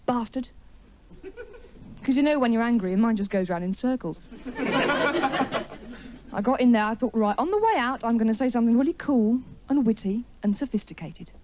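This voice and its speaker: A woman's voice: on the high side, warm tone. A woman doing a wry, chatty stand-up comedy routine in a TV studio, with an audience laughing.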